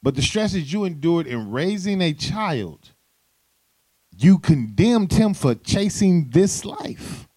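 A man's voice: on the high side, takes it slowly, slightly rough, no room sound. Emphatic man ranting on a podcast. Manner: animated, emphatic, profane. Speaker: podcast co-host. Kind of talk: casual podcast chat.

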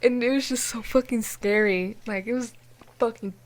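A young woman from New Mexico co-hosting a podcast, telling a story in a casual, animated way with lots of swearing and filler words. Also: a little high, normal speed. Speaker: podcast co-host.

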